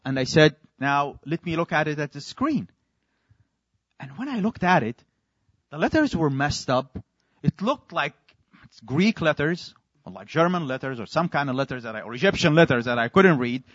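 A man's voice: fairly high pitch, a bit bright, dry recording. A man preaching a sermon, telling a long illustration story and acting out his own quoted lines. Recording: dry, slightly dull recording.

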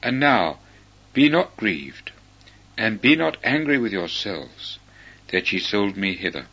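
Earnest, forgiving Joseph, as a male scripture reader gives him voice, pleading and slow on key words. The voice is low and husky. The recording is dull and lo-fi. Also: big pitch swings, pushed and bright, exaggerated voice. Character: Joseph, grown man, governor, forgiving and earnest. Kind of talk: slow measured scripture reading.

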